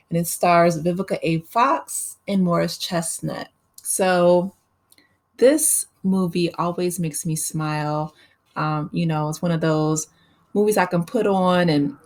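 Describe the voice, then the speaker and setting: A woman's voice: lowish voice, a little mellow. A woman hosting her own channel, giving a casual, chatty movie recap with frequent laughs and fillers. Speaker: channel host.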